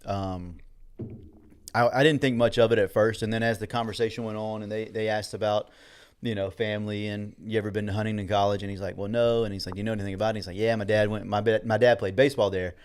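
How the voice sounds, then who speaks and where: A man's voice: on the low side, fairly even intonation, quick pace, clean tone. A middle-aged man, rambling through a story and quoting others as he co-hosts a casual chat show. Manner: rambling, quotes others in dialogue. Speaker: co-host.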